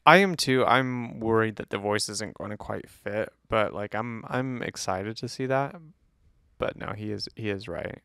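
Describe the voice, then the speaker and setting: Gravelly low-voiced man, casual podcast chat. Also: unhurried, fairly bright tone, no echo, clean studio sound. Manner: playful, teasing, lots of fillers. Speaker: podcast co-host. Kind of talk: casual movie review chat.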